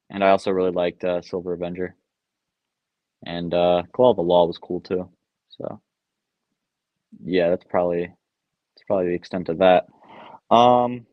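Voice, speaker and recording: A young man with a fairly low voice reads viewers' questions off a live chat and answers them in a relaxed, offhand way, with plenty of ums and uhs. The sound is dry and a little dull, like a modest home desk mic. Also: no room sound. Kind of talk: casual live-stream Q&A. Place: basement room at home.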